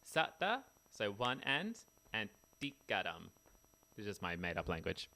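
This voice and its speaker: A man with a low voice and a gravelly edge explains music theory in a relaxed, chatty way. He sounds tired after a bad night's sleep and scats rhythms now and then. A musical instrument plays faintly behind him. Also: unhurried. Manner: chatty, sings rhythms with scat syllables. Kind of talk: casual music lesson.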